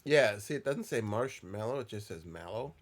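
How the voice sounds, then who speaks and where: A man's voice: lowish voice, animated, normal speed, a little hiss or hum. A man co-hosting a casual stream, chatting and thinking aloud while he eats snacks. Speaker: co-host. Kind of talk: casual snack-tasting chat.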